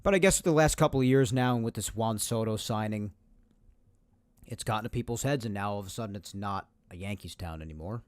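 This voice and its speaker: A man's voice: fairly low pitch, fairly quick, darkish tone, no echo. A man hosting a solo sports podcast, making his points emphatically and repeating them to drive them home. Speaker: podcast host. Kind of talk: opinionated solo sports talk.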